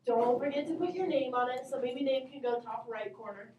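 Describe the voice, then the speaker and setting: A woman teaching math to a classroom in a high, bright voice, upbeat and encouraging as she calls on students. She sounds far from the mic, her voice bouncing around an echoey room with faint class murmur behind her. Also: a little fast, highs cut off, slight background noise.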